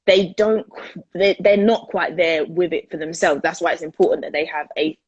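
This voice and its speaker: A peer educator speaks in a husky, slightly low voice. She talks earnestly and with animation in a casual discussion. The sound is dry and close. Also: dry recording. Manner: earnest, animated, repeats words for emphasis.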